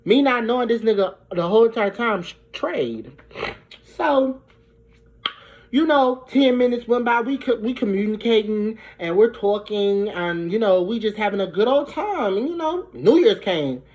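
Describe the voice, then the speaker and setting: A young woman from Brooklyn, telling a profane, animated storytime. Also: fairly high pitch, normal speed. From Brooklyn, New York. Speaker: vlogger. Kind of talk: storytime vlog. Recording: dull lo-fi recording.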